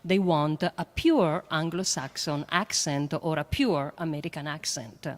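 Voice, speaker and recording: A woman with a French accent speaks on a panel in a low voice, earnest and emphatic, pausing often on fillers. Her words ring with the long reverb of a large hall. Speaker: panelist, astrophysicist. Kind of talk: panel discussion.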